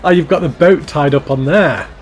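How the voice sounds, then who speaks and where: Guy rambling happily over a game park tour, bit higher voice, soft music behind. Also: moderate pace. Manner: enthusiastic, rambling, repeats praise. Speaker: YouTuber touring a fan-built theme park. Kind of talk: casual game commentary.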